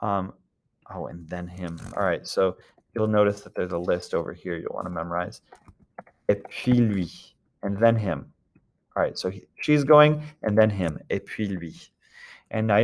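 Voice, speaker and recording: A man teaching a recorded lesson, patiently explaining examples in English and French and often checking in with his students. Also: lowish voice.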